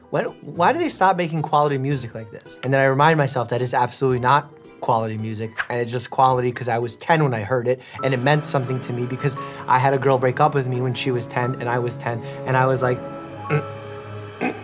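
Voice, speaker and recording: A man's voice: mid-range voice, quick pace, soft background music. A man in his thirties, a doctor, casually reacting to memes in a playful, jokey way, laughing often and sometimes stopping to explain medical facts. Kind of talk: casual meme reaction commentary.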